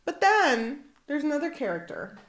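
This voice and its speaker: A woman co-hosting a book podcast in casual chat, expressive and quick to laugh, acting out scenes with swearing. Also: high-pitched.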